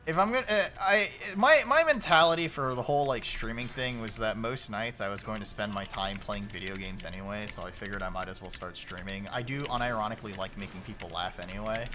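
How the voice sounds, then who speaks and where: A man in his late twenties chatting casually while streaming a game, loose and profane, shouting at the game when it goes wrong. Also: lowish voice, fairly quick, few pauses, a little hiss or hum. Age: late 20s.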